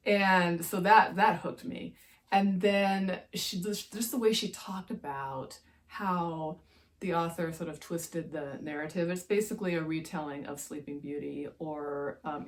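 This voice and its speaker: A woman who writes romance, chatting casually and enthusiastically about books she loved, wandering into side stories. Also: sits low. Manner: gushing, digressive, enthusiastic. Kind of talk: casual book-review chat.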